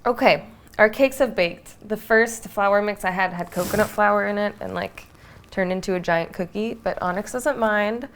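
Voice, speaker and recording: Young woman, chatty, home kitchen, casual baking vlog, middle pitch, faint background hiss. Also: moderate pace. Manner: chatty, talks to her dog. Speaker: vlogger.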